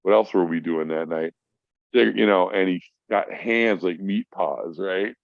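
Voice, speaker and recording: Low-voiced profane male storyteller. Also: measured pace, creaky, dry recording. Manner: profane, rambling, acts out voices in his stories. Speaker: podcast guest. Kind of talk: casual storytelling. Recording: dry, dull lo-fi audio.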